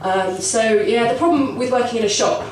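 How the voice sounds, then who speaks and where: A woman's voice: on the high side, a little fast, background noise. A young woman with a cold doing a rambling, self-deprecating stand-up set, giggling between asides. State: has a cold. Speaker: stand-up comedian. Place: comedy club stage. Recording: echoey club recorded from far off with audience. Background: live audience.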